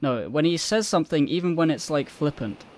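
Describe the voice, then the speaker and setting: A man co-hosting a fan podcast in casual chat, relaxed and halting as he thinks aloud. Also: on the high side, a little hiss or hum. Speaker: podcast co-host.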